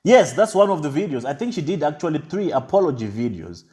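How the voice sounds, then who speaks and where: A man giving an impassioned, deliberate commentary monologue. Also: a little high, very animated, a little mellow. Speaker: online commentator.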